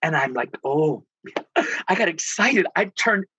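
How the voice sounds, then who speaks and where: A theatrical man from Texas speaks in a high, bright voice with a husky grain, acting out every voice he quotes. The recording is dry and slightly muffled and lo-fi, like a call with no room sound. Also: lively intonation, slow, slight background noise. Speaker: guest, spiritual healer. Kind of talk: emotional storytelling in conversation.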